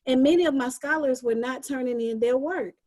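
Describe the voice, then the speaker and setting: A woman's voice: high-pitched, a little fast, darkish tone. A woman special education teacher speaking on a video call, explaining her view earnestly in a casual panel discussion.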